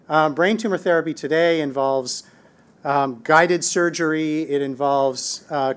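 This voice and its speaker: Male researcher, a bit higher voice, hesitant interview talk. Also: clear, resonant tone. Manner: conversational, many "um" pauses. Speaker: brain tumor researcher. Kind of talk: interview answer.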